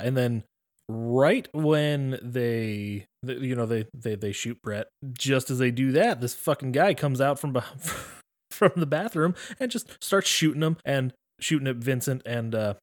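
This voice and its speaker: A man co-hosting a casual movie recap chat, laid-back, laughing often and swearing casually. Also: mid-range voice. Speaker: podcast co-host.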